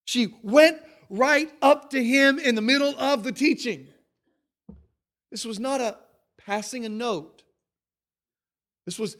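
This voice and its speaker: High-voiced, emphatic male preacher. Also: slow pace, pauses often. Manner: emphatic, piles up repeated phrases; animated storytelling. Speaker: pastor. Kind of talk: sermon.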